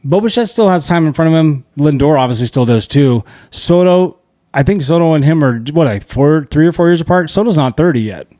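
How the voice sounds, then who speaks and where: A middle-aged man co-hosting a podcast, in loose, profane banter full of quick laughs. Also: a little high, animated, a little mellow, dry recording, clean studio sound. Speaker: podcast co-host. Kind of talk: casual chat. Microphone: podcast mic.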